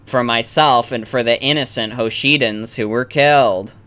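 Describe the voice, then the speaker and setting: A man's voice: medium pitch, normal speed, pushed and bright, clear, resonant tone, no echo, close to an everyday voice. A man voicing an earnest young male prince in his own voice, reading game dialogue aloud. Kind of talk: game dialogue read-along.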